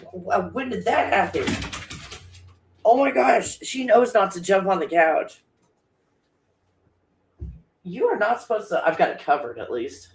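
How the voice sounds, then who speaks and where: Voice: medium pitch, expressive, unhurried, pauses often. Fired-up profane live-stream host, echoey room. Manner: blunt, profane, laughing and fired up. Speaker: livestream host. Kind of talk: casual live-stream chat. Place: home room with a dog nearby.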